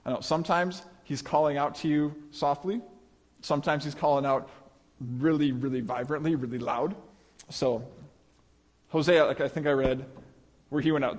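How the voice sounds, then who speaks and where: A man's voice: a little high, fairly even intonation, moderate pace. Man preaching in a reverberant hall. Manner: conversational, acts out quoted voices. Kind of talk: sermon. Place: church hall. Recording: long reverb of a live hall.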